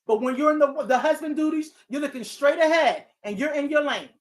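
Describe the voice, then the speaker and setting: High-voiced woman hosting a talk show. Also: brisk. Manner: animated, preachy, often laughing and digressing. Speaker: talk show host and therapist. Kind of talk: casual talk to a live audience.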